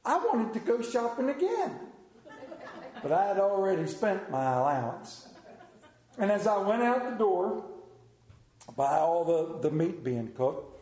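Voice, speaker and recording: Folksy preacher man, high voice. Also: roomy sound. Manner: folksy, animated storytelling, dropping low and slow for emphasis. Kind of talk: storytelling sermon.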